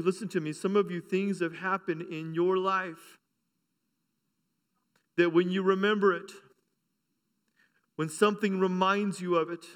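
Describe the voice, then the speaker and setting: A middle-aged man pastor preaching a sermon fervently, with call-outs and humor, in a church. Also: high voice. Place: church sanctuary. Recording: long hall reverb.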